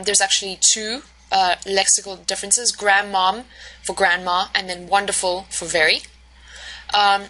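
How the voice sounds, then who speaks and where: A woman's voice: mid-range voice, pushed and bright, rough recording. A woman teacher giving a recorded lecture, explaining slide by slide with many fillers, self-corrections and "right?" checks.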